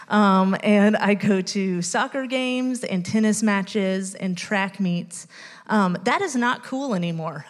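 A woman of medium pitch speaks in a large hall. She is a youth ministry volunteer in her late 30s offering an earnest church testimony, full of ums, that turns emotional toward the end.

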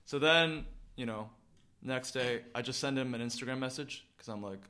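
A man's voice: medium pitch, normal speed, bright, forceful tone. A man telling a long story on a casual podcast, full of restarts and rambling asides. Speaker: podcast co-host. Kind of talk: casual chat.

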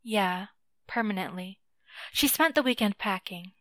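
A woman's voice: mid-range voice, lively intonation, unhurried, a bit bright, no echo. A woman voicing a wry, bitter woman who works in a shop, in a dry recording. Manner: wry, casual swearing.

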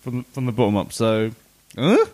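Lively joking man. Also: mid-range voice, normal speed. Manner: joking, banter-driven, lively. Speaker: podcast co-host. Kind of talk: casual chat.

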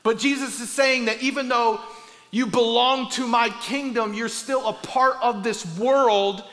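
A man's voice: very high-pitched, fairly even intonation, measured pace, fairly bright tone, in a large hall. A male pastor preaching a sermon, emphatic and often repeating words as he builds his points.

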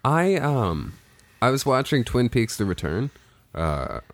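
Lively, playful male podcast host. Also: medium pitch, slow, dry recording. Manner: playful, rambling with many fillers. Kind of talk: casual comedic chat.

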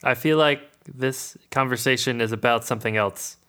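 A man's voice: medium pitch, moderate pace, fairly bright tone. A man co-hosting a comedy podcast, teasing the others in casual banter. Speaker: podcast co-host.

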